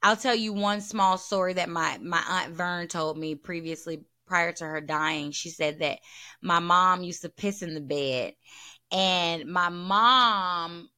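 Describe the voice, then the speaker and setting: A woman hosts a candid solo podcast, speaking bluntly and profanely and repeating her points for emphasis. Her fairly low voice sounds pushed and bright, and she talks at a slow pace.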